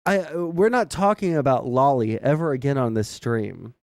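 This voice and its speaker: A man's voice: mid-range voice, moderate pace, darkish tone, dry recording, studio quality. A man streaming casual political commentary, swearing and rambling off the cuff.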